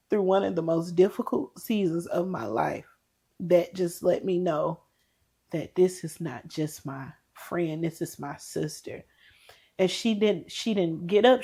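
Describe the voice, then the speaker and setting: A woman's voice: medium pitch, a little mellow, husky. A woman co-hosting a podcast, telling an earnest, emotional story about a friend in casual chat. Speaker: podcast co-host.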